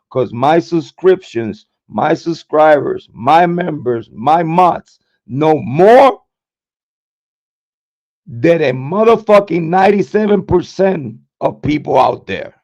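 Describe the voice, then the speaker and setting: A man's voice: a little high, lively intonation, slow, a little mellow. A man hosting a true crime livestream, ranting in a profane, confrontational way with many repeated words and restarts. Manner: repetitive, stammering restarts. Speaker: true crime channel host. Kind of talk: livestream rant. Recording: dull lo-fi sound.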